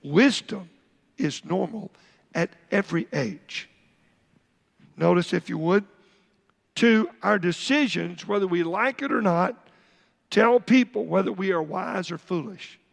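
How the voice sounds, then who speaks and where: A man's voice: high-pitched, animated, a little slow, vocal fry, pauses often. A man preaching a midweek sermon as pastor, asking his congregation questions and telling stories from church life. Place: church sanctuary. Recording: long church hall reverb.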